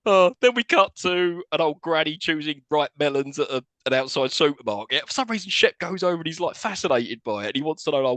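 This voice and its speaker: A man's voice: fairly high pitch, expressive, a little fast, fairly bright tone, no echo. A man co-hosting a podcast, recapping a film in casual chat and laughing often. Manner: laughs often while recapping scenes, swearing. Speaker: podcast co-host.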